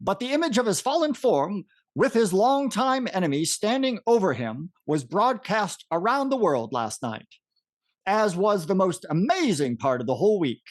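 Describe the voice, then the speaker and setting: A man putting on the voice of a solemn 1940s wartime radio reporter, reading a broadcast in a formal, measured newsreel manner. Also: high voice. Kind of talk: 1940s radio announcer impression.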